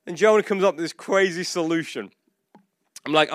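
A man preaching in a fairly high voice, telling a scripture story with playful acted-out lines. He leans on casual fillers like "like" and "you know". The sound is dry and close, with no room echo. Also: normal speed. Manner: animated storytelling, acts out quotes, frequent "like". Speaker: pastor. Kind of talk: sermon.

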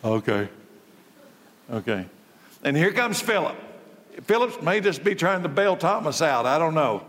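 A man's voice: fairly high pitch, big pitch swings, measured pace, fairly bright tone. A male pastor preaching a sermon, emphatic, repeating key words and thinking aloud. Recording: long reverb in a large hall.

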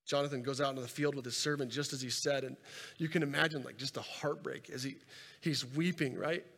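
A man preaching a sermon and telling a scripture story with animated delivery, swinging between loud and soft and repeating words as he goes. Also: medium pitch, brisk, gravelly. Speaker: pastor. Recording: reverberant hall sound.

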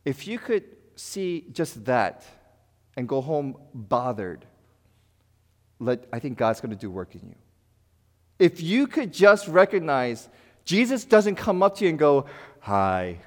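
Male pastor, sermon, animated and conversational, fairly high voice, long reverb. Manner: animated, conversational preaching with big swings in loudness and playful asides.

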